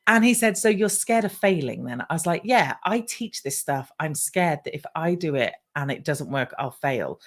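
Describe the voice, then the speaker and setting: A middle-aged woman from the UK with a British accent, a podcast guest telling her own story casually and acting out past conversations. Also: medium pitch. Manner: animated, acts out her own past dialogue.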